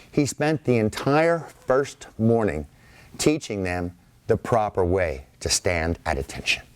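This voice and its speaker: A middle-aged man, an author, giving a talk at a library and telling history as animated, acted-out anecdotes. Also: on the low side, no room sound. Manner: animated storyteller who acts out anecdotes. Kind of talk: public lecture storytelling. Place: library event room.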